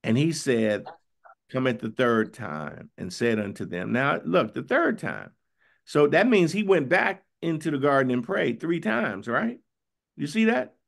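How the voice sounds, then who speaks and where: A bishop preaching a Bible study sermon in a conversational, questioning way, often asking "right?" and reading scripture slowly. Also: male voice, mid-range voice, sing-song, gravelly. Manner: conversational, questioning, tag "right?" after points; reads scripture slowly and drawn out.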